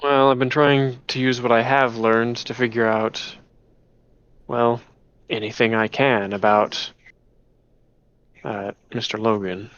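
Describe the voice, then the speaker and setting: A man voicing a huge, gentle porcupine creature that speaks in a monotone robotic voice, calm and politely formal. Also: medium pitch, slow, pauses often, clear, resonant tone, dry recording, dull audio.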